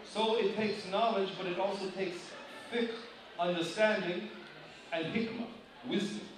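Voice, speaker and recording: A man with a high voice delivers an animated sermon, often putting questions to his listeners. He sounds far from the mic in a very echoey hall, with clear room noise behind him. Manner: animated, addresses audience directly with questions. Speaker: preacher. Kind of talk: sermon to a congregation. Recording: distant mic, loud room ambience.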